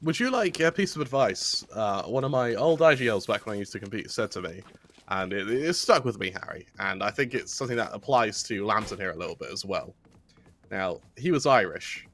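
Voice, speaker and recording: A man giving relaxed, analytical color commentary on an esports match, with long explanations. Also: on the low side, fairly quick. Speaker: esports caster.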